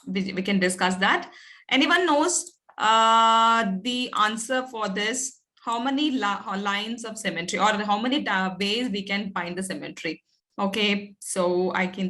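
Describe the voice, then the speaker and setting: A woman's voice: medium pitch, bright, forceful tone. A woman teacher, patiently coaxing pupils in an online class, with many fillers and "okay"s.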